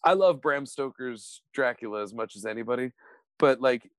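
A man's voice: medium pitch, normal speed, a bit bright, dry recording. Playful, laughing male podcast co-host. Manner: laughing, swearing, playful impressions. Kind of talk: casual chat.

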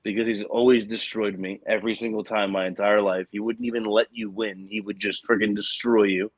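A man's voice: on the low side, flat delivery, a little fast, no echo, low-quality recording. A young adult man telling a personal story in casual conversation, earnest and rambling with many restarts.

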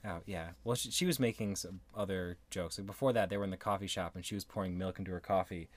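A man co-hosting a podcast, casually recapping an episode's jokes in a relaxed storytelling way. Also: sits low, quick pace. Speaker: podcast co-host.

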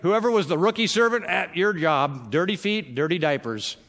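A man's voice: high-pitched, animated, moderate pace, vocal fry, a bit bright, big-room sound. A man preaching a sermon in a loose, conversational way, with many fillers and repeated words as he restarts his sentences. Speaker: pastor.

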